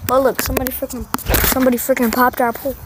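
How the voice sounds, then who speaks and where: Chatty slangy girl vlogging on her phone out back, kinda high voice, lots of noise around. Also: racing. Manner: excitable, slangy, talks to viewers. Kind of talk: casual vlog chat. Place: outdoors at home, backyard. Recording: loud outdoor background noise.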